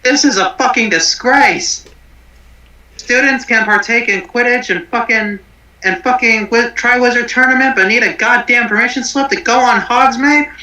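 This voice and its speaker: A man's voice: very high voice, normal speed, sharp tone, echoey room, heavily acted, poor audio. A man putting on a foul-mouthed, furious celebrity chef who teaches at a wizard school, ranting and swearing constantly.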